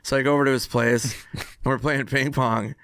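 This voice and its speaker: A man on a podcast telling a casual anecdote in an animated way, acting out the quoted dialogue. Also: mid-range voice, fairly quick, smooth, dry recording, studio quality. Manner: animated storyteller who acts out quoted dialogue. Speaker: podcast guest.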